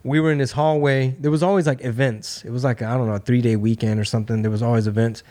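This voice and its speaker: Laid-back cussing man telling stories. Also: quick pace. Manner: laid-back, swearing storyteller; acts out quotes with lively pitch jumps. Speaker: podcast host. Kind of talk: casual chat.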